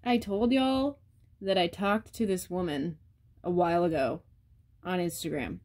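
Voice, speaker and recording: A woman's voice: fairly low pitch, unhurried, a little mellow. A woman vlogger ranting bluntly and profanely, talking straight to her viewers. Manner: addresses viewers directly. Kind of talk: casual rant to camera.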